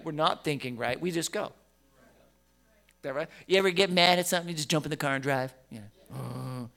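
A middle-aged man preaching in a high, bright, crisp voice. He talks to his congregation like a conversation, stumbling over repeated words, then pushing into emphatic bursts. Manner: stammering restarts, rising to emphatic bursts. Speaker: pastor. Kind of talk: conversational sermon.

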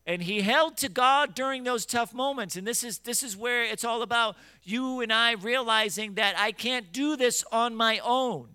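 High, bright-voiced man preaching a sermon. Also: normal speed, few pauses, clean tone, no echo. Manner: builds from quiet teaching to loud fervent exhortation; scripture in King James wording, direct scolding of listeners.

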